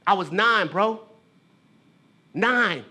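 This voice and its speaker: A man's voice: sits high, expressive, very slow, bright, forceful tone. A man performing a theatrical monologue, talking casually to his brother with lots of "bro" and "man", confessional and emotional. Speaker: theater artist and poet.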